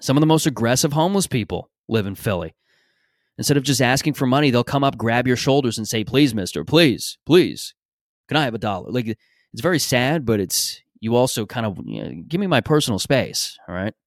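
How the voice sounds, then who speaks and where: A man's voice: medium pitch, animated, a little fast, no echo. Man, podcast host, casual monologue, opinionated, profane, dry close sound.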